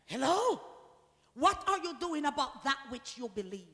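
A high-pitched woman preaches with a forceful, bright edge, pressing her congregation with call-and-response questions. She swells again and again into shouted peaks. Her voice rings through the long reverb of a big church hall. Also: sing-song, a little slow. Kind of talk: sermon.

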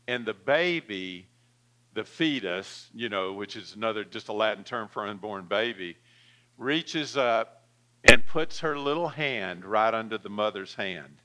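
A man's voice: mid-range voice, sharp tone. A male pastor delivering a sermon, telling a story with frequent fillers and calling for an amen.

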